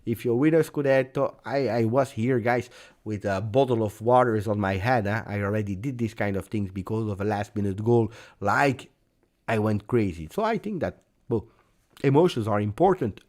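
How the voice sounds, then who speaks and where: A man's voice: on the low side, normal speed, a little mellow. A man hosting a live post-match fan reaction, speaking in a passionate, emphatic and rambling way. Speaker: football channel host.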